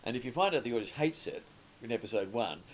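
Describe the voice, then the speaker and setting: Australian man in his 60s, interview guest, meandering anecdotal storyteller, mid-pitched voice. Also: expressive, fast talker, a little hiss or hum. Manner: rambling anecdotal storytelling with frequent restarts. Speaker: interview guest, comedy writer and producer. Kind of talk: conversational interview.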